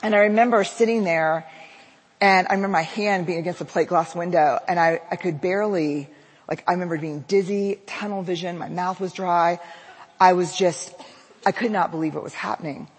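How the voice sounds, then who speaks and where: Woman, public speaker, personal storytelling, animated delivery, husky, long hall reverb. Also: lowish voice, a little fast. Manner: lively storytelling, acts out quoted dialogue. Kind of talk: personal story told to an audience.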